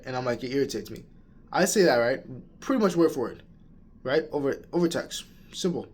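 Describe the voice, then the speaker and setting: Expressive and a little fast, this young man's mid-range voice has a breathy edge. He's a college student doing a casual vlog rant to camera, rambling with restarts and addressing the listener as "bro."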